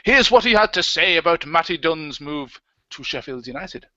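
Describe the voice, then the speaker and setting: Bright-voiced man, jokey co-host. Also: on the high side, moderate pace, few pauses, dry recording. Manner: jokey, reads out comments and tweets. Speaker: livestream co-host. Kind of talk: casual livestream chat. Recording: dull, lo-fi dry sound.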